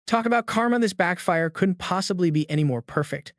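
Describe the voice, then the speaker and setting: Dude narrating a comic recap all dramatic, kinda high voice, dry close sound. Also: male voice, lively intonation, fairly quick, no echo. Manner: dramatic, emphatic storytelling.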